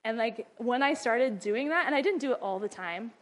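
Woman, higher-pitched, casual and chatty, acts out quotes while teaching moms. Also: animated, moderate pace. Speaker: speaker teaching mothers.

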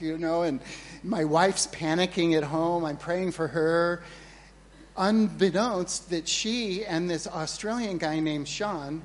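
A man preaching a sermon as pastor, earnest and storytelling, with animated retellings of his own moments of panic. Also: sits high, measured pace, long reverb tail, slight background noise. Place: church hall.

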